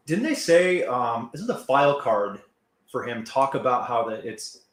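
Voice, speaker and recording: A man co-hosting a casual livestream, making quick laid-back banter and joking asides. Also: mid-range voice, very animated, fairly bright tone. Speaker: livestream co-host. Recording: roomy echo.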